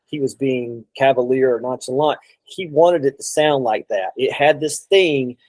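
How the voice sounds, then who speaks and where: A man's voice: mid-range voice, measured pace, a little mellow, no echo, low-quality recording. A man telling a long road story in a casual chat, rambling, with many restarts and quoted asides. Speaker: guest drummer.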